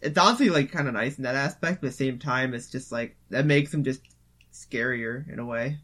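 A man co-hosting a casual gaming podcast, talking in an animated way and using lots of fillers. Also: mid-range voice, brisk. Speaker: podcast co-host.

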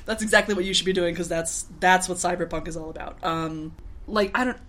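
A woman's voice: fairly low pitch, steady tone, brisk, fairly bright tone. A young woman co-hosting a podcast, recapping a TV episode in a rambling, laughing way full of fillers. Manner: rambling, lots of fillers and laughs, acts out characters. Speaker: podcast co-host. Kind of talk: casual chat recapping a TV episode.

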